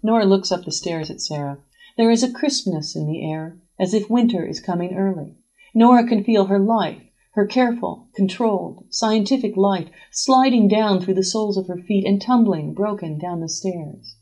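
A woman reading a literary story aloud as a scripted narration, measured and even. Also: mid-range voice, poor audio.

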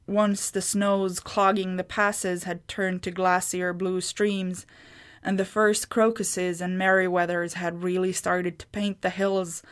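A woman reading a fantasy short story aloud in scripted narration. She takes an unhurried, deliberate pace, and her voice sits in a middle register. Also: mid-range voice.

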